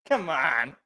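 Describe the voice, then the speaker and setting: Hosting a laid-back live reaction stream, a young man speaks loosely in a high, bright, somewhat tense voice. He thinks aloud and chuckles to himself between his comments.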